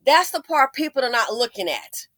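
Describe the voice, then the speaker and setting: A woman hosting an opinion commentary, sarcastic and emphatic, swinging between loud stresses and low muttered asides. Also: big pitch swings, moderate pace, no room sound. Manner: sarcastic and emphatic, with repeated jabs. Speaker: commentary channel host.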